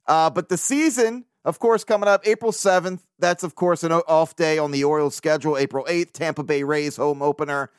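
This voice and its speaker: A man's voice: on the high side, steady tone, a little fast, hardly any pauses, smooth, dry recording, clean studio sound. A man hosting a casual solo sports podcast, talking in a loose, joking way, swearing now and then and laughing often. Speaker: podcast host.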